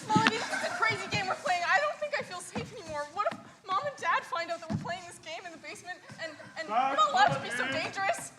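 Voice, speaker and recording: A woman's voice: very high-pitched, expressive, loud music behind the voice, a loud crowd. A woman playing a jittery young girl. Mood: worried. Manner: fast, worried. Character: anxious young girl playing a game in a basement. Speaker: improv performer.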